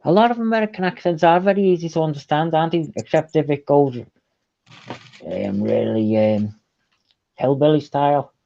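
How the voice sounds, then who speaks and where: Chatty Liverpool man, slightly higher voice. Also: moderate pace, creaky, warm tone. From Liverpool, England. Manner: chatty, laughs often. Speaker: musician and host. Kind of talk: casual chat. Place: living room. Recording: dull dry lo-fi audio.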